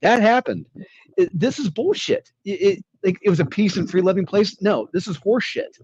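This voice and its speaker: A man's voice: sits high, animated, moderate pace, a little mellow, husky, dry recording. Indignant ranting man on a muffled mic. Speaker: comic review co-host. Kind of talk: casual chat.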